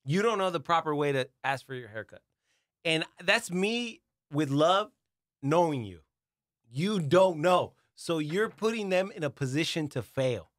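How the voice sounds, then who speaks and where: A man's voice: on the high side, animated, a little slow, a bit bright, no room sound, studio quality. A man co-hosting a comedy podcast who banters, teases and laughs a lot. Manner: teasing, laughs often. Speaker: co-host, barber. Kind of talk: casual banter.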